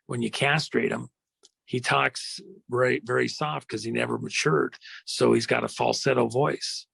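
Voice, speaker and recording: A man hosting a podcast, retelling an old story as a dramatic monologue with slow emphasis and frequent fillers. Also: medium pitch, steady tone, a bit bright, dry recording. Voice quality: gravelly. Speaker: podcast host.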